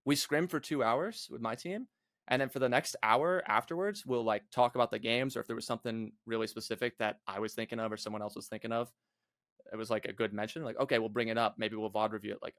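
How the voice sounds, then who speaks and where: A man's voice: medium pitch, brisk, a bit bright, dry recording, clean studio sound. A young man, a guest on a gaming podcast, talking bluntly and casually with lots of filler words. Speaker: guest, competitive gamer.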